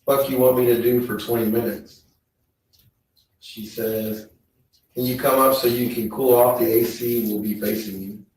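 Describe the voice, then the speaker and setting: A man on the witness stand reading text messages aloud in a slow, measured way. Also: medium pitch, fairly even intonation, a little mellow. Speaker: trial witness. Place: courtroom. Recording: echoey courtroom feed, distant mic.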